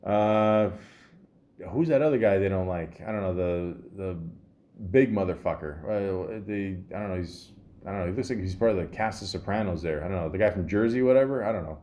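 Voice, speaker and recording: A man's voice: sits low, brisk, warm tone, lo-fi sound. A man hosting a comedic podcast, reading out trivia and breaking into rambling, profane asides full of fillers. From Canada. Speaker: podcast host.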